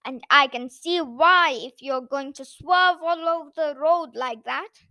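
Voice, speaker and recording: A woman voicing an excitable little male toy taxi driver, speaking brightly and emphatically. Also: very high voice, a little slow, no room sound, studio quality, exaggerated voice. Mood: cross. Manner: bright, emphatic and easily cross.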